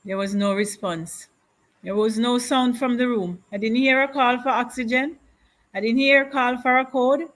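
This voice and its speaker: A woman being interviewed, slowly and deliberately recounting a painful loss in grief. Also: on the high side, fairly even intonation, fairly bright tone. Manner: slow, grieving, deliberate retelling with repetition. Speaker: widow of a councillor, guest. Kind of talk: emotional interview testimony.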